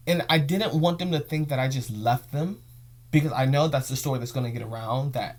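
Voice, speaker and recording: A man's voice: medium pitch, animated, moderate pace. A young man hosting his own show, telling an emotional story in a rambling, repetitive way. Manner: rambling, emotional, repeats phrases. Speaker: podcast host. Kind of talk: casual storytelling vlog.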